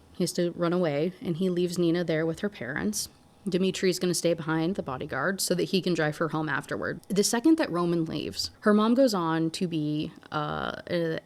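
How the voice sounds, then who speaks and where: A woman's voice: lowish voice, a little mellow. A young woman recapping a book in a chatty, candid way with sarcastic asides. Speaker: book reviewer.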